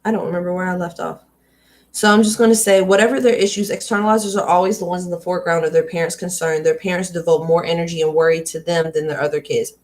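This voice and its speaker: A woman's voice: on the low side, fairly even intonation, quick pace, darkish tone. A woman hosting a live read-aloud stream, reading a book and talking candidly with viewers in a casual, chatty way. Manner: candid and conversational, drifting into riffs and asides to viewers.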